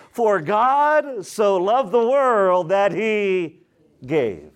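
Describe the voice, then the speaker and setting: A male pastor delivers a sermon with a somewhat high voice. He drops low and intoned for his key points, then leaps up high and excited, and he keeps calling on the congregation to answer him.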